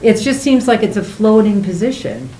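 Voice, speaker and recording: A woman's voice: medium pitch, very animated, normal speed, dark tone, slight background noise, low-quality recording. A woman on a select board, arguing pointedly and with exasperation in a public meeting.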